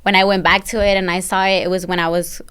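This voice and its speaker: Woman guest on a podcast, smooth clear voice, laid back, lots of likes and ums. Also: on the low side, fast talker. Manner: relaxed, rambling storytelling with many fillers. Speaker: barbershop owner, podcast guest. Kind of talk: casual chat.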